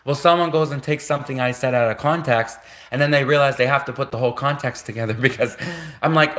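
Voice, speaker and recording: A Canadian man on a solo livestream rambles from topic to topic, laughing at his own jokes and mock-quoting imagined critics. His voice is medium-pitched, a bit bright, and fairly quick.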